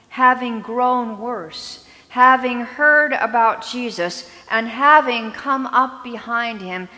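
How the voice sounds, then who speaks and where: A woman pastor preaches at a slow, deliberate pace, her fairly high voice bright and clear. Her words ring out with a long reverb in a church sanctuary. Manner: slow, deliberate storytelling delivery. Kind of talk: sermon.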